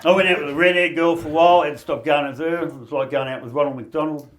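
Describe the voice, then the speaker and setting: A man's voice: a little high, steady tone, racing, background noise. An Australian man doing a crude, wry stand-up comedy set in a small backyard shed. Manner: crude, wry punchline delivery.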